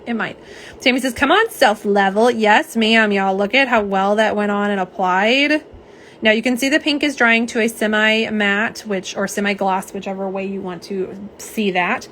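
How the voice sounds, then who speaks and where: On her casual live stream, a young host unboxes and swatches products while chatting and reading out comments from viewers. Her voice is mid-range, and there is slight background noise.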